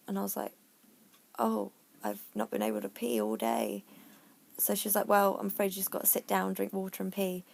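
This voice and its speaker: A woman's voice: mid-range voice, normal speed, gravelly, a little mellow. A woman vlogger, a bit out of breath, frankly telling a personal story in a chatty way that sometimes drops to a near whisper. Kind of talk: casual personal story to camera.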